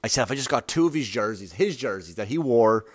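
A man's voice: mid-range voice, expressive, fast talker, no room sound. A man with an Irish accent telling rambling, profane anecdotes in casual chat, often laughing as he goes. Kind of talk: casual storytelling.

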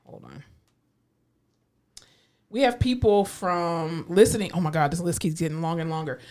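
A woman co-hosting a podcast in casual chat, chatty and quick to laugh, swearing freely. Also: on the low side, a little mellow. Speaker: podcast co-host.

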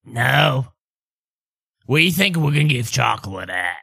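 A man voicing a sheepish, bumbling older husband in a tabletop game, slow and rambling. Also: mid-range voice, sing-song, gravelly, bright, forceful tone, breathy edge, no echo, studio quality, exaggerated voice. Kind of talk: tabletop role-play voicing.

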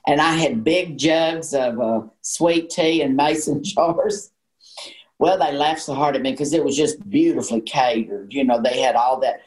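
A woman's voice: extremely low pitch, measured pace, darkish tone, poor audio. A woman in her sixties with a Southern American accent, a guest telling folksy stories in casual chat. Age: 60s. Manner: folksy storyteller, says honey. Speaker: guest, actress and singer.

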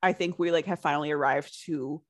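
A young woman co-hosting a podcast in relaxed casual conversation. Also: low voice, a little fast. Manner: relaxed, conversational, uses fillers. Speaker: podcast co-host. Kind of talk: casual chat.

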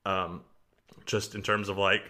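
A man's voice: deep voice, unhurried. A man co-hosting a wrestling podcast, chatting casually and laughing often. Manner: animated, laughs often, puts on shouting voices for quotes. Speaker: podcast co-host. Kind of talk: casual wrestling review chat.

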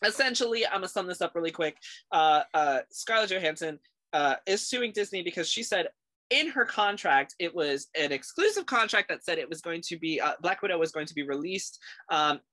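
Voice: medium pitch, animated, brisk, pushed and bright, no room sound. A podcast host in casual chat, laughing often while loosely summing up a news story for the group.

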